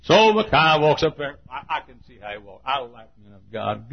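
An older preacher with a husky voice delivers a folksy sermon, chuckling between lines. He drops to near-whispers, then climbs to ringing, emphatic peaks. The recording sounds a little dull and muffled. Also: on the high side, big pitch swings, normal speed, few pauses. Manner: folksy storytelling preacher, chuckling, swinging from hushed to shouting. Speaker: pastor. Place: church.

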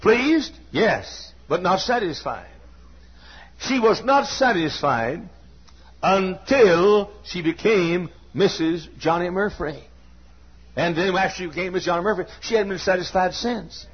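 Middle-aged male preacher, high husky voice, folksy and emphatic, sermon in a church. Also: animated, measured pace, lo-fi sound. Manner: folksy storytelling with sudden shouts. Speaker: pastor. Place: church sanctuary.

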